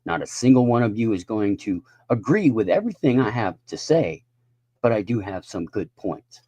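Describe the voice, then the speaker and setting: A man's voice: fairly low pitch, lively intonation, moderate pace, warm tone, no echo. A man in his fifties ranting in a casual live stream monologue, profane and rambling. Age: 50s.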